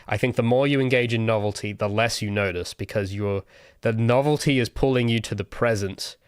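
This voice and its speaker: A man's voice: fairly low pitch, a little fast, clear, resonant tone, dry recording, studio quality. A young adult man hosting a casual livestream Q&A, rambling and thinking aloud with many restarts. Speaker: solo game developer streamer.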